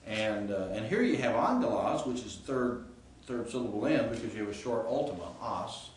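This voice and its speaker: Recorded from a distance in an echoey classroom with a faint hiss, a Greek professor explains grammar informally, checking in with the class often. He speaks at normal speed in a lowish, very animated voice.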